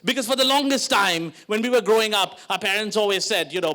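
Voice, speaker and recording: High-voiced Indian stand-up comedian. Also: male voice, fast talker, hardly any pauses. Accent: Indian English. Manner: animated, switching into character voices.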